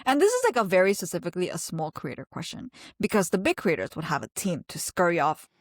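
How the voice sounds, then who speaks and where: A woman with a fairly low voice co-hosts a podcast in easy, casual chat. She talks with lots of fillers and restarts and laughs often. The sound is dry and close to the mic. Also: wildly swooping pitch, fast talker, no room sound. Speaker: podcast co-host.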